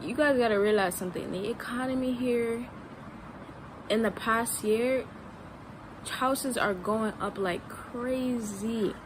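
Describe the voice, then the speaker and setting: A woman's voice: on the high side, takes it slowly. A woman from the United States vlogging casually and frankly, leaning on "like". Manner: frank, fills with "like". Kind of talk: casual vlog. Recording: street noise with passing traffic.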